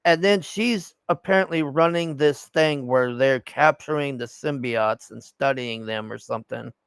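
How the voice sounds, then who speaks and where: A man's voice: medium pitch, a little slow, vocal fry, clean tone, no echo. A young man giving a rambling, profane, casual movie review, sighing in exasperation.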